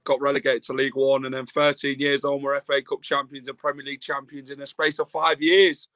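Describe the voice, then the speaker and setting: A man's voice: mid-range voice, level tone, a little fast, a bit bright, dry recording. A man guesting on a football fan stream, in casual banter. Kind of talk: casual chat.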